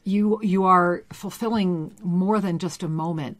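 A woman co-hosting a live spiritual call-in radio show, effusive and emotional, often dropping to a hushed, breathy voice. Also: fairly low pitch, a little slow. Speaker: co-host and intuitive reader.

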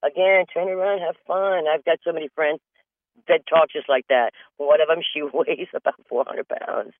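A woman's voice: low voice, fairly even intonation, normal speed, dry recording. A woman hosting a radio comedy show, telling funny stories in a chatty way, laughing often and calling people honey. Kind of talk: comedic storytelling monologue. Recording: tinny phone-like dry line.

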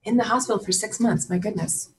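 A woman's voice: medium pitch, quick pace, a little hiss or hum, rough recording. A woman hosting an interview, asking questions and giving short, attentive reactions. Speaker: host.

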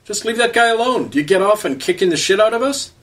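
A man's voice: high-pitched, lively intonation, quick pace, a bit bright, pitched above the performer's own voice. A man playing a weathered older Cree man who talks bluntly and sarcastically, recorded from a distance off the mic. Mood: laconic. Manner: blunt, street-wise, sarcastic.

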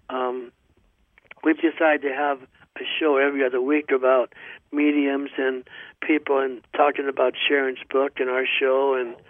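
A man hosting a radio show, telling a long story in a rambling, halting way with many pauses and restarts. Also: medium pitch, dry recording. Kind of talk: casual storytelling monologue. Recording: dry, tinny phone-like radio sound.

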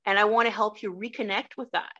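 A woman talking with enthusiasm in a conversational interview, animated and quick to laugh. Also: mid-range voice. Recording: dull lo-fi sound.

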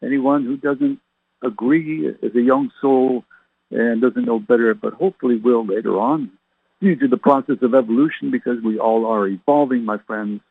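A husky-voiced man delivers a radio sermon as a reverend, pressing his listeners with question after question. The sound is tinny and phone-like, with a dry, close feel. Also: medium pitch, normal speed, no echo. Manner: preachy, full of rhetorical questions to listeners.

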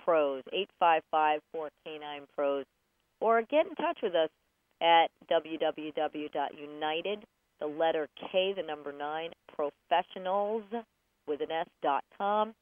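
A woman's voice: sits low, a little slow, dry recording. Chatty woman radio host, tinny line. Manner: chatty, animated, jokey, acts out voices. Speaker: radio show host and dog trainer. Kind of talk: casual radio talk show advice. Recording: dry, tinny phone-like radio sound.

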